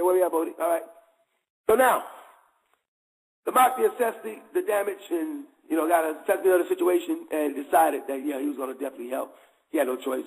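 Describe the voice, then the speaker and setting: A male host gives a casual, preaching talk in a loose, conversational style. He keeps checking in with his listeners as he goes. His voice is high and gravelly. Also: rough recording.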